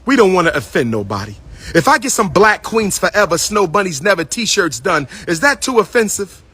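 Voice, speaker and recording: A man hosts a casual livestream, speaking straight to his viewers. His voice sits high and bright. He repeats phrases in a playful, sing-song way and calls out to the people watching. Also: big pitch swings, a little fast, breathy edge. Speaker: livestream host. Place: indoors at his school building.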